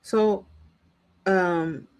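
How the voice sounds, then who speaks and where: A woman's voice: mid-range voice, extremely slow, smooth. A woman reviewing a reality TV show in casual commentary. She speaks bluntly, swears freely and acts out what the cast said. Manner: animated, acts out what others said.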